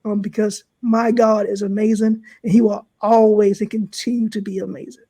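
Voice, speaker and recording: A woman's voice: medium pitch, level tone, moderate pace, warm tone, no echo. A woman life coach talking fervently in a preaching style on a podcast, checking in with "right?". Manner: fervent, repeats "right?" to the listeners.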